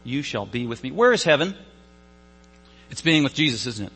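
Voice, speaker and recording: A man's voice: mid-range voice, sing-song, moderate pace, a bit bright, husky, in a large hall, low-quality recording. A man preaching an Easter sermon as a pastor, emphatic and repeating phrases for stress.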